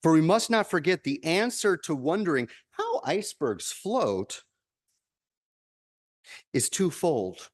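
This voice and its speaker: A male minister giving a measured, reflective sermon, repeating key lines for emphasis. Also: fairly high pitch.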